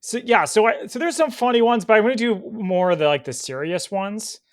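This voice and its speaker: Man, high voice, podcast co-host, casual, thinks out loud, lots of fillers. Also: brisk. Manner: thinks aloud, many "like" fillers, animated. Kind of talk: casual chat.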